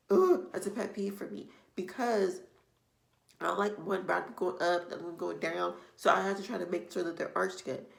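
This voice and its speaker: A woman's voice: fairly low pitch, creaky. A woman beauty vlogger giving casual makeup tips to the camera, chatty and meandering, often circling back with "like I said". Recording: echoey room.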